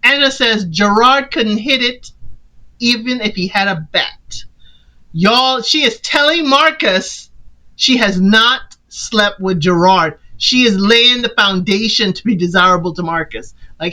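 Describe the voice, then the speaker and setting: A woman recaps a film in a casual, playful way, slipping in and out of the characters' voices as she quotes them. Her voice is bright and sits a little high. She jumps lively from line to line, with lots of colour. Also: normal speed, poor audio. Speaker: podcast host recapping a film.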